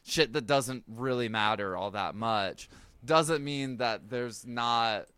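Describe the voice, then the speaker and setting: A man's voice: medium pitch, slow pace, bright, forceful tone, clean tone, no room sound. A young man chatting on a podcast in a wry, hedging way, full of fillers. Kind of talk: casual chat.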